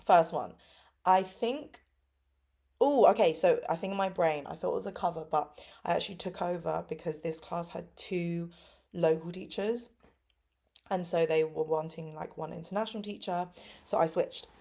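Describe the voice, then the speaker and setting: A woman's voice: normal speed, gravelly, dark tone. A woman in her twenties from England, chatting casually about her teaching days in an upbeat, filler-heavy way. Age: 20s. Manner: upbeat, lots of fillers, acts out kids' voices with big pitch jumps. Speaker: English teacher vlogger. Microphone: phone camera.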